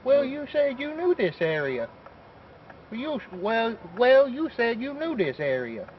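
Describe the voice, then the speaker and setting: A man's voice: very high-pitched, very animated, measured pace. A man acting in an amateur film shoot, flubbing and redoing lines with joking banter. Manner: joking, loose line delivery. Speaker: amateur actor on set. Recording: dull lo-fi camera audio with faint noise.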